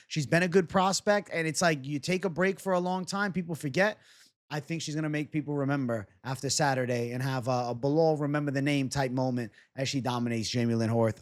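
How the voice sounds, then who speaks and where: A young man casually breaking down fight predictions and betting odds on his own show, joking and swearing as he goes. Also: mid-range voice. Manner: casual, fast-talking, swears and jokes. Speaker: MMA betting analyst.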